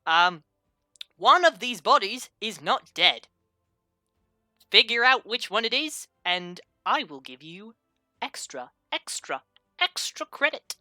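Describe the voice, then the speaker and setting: A woman's voice: medium pitch, sing-song, takes it slowly, long pauses, sharp tone, no echo, pitched above the performer's own voice, exaggerated voice. A woman voicing a prim, playfully mean female necromancy professor who lectures her class in a proper-ish put-on voice. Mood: teasing. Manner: proper-ish teacherly address with a slipping put-on accent.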